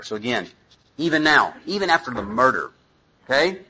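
Husky-voiced man preaching conversationally. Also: medium pitch, lively intonation, brisk, pushed and bright, low-quality recording. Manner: conversational, self-deprecating preaching with asides to the congregation. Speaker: pastor. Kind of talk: sermon.

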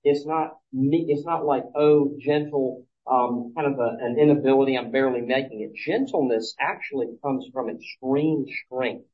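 Man, pastor, mid-pitched, teaching sermon, chatty with restarts, muffled audio. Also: moderate pace, few pauses. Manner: conversational, many restarts, acts out quoted lines. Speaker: pastor teaching a Bible study.

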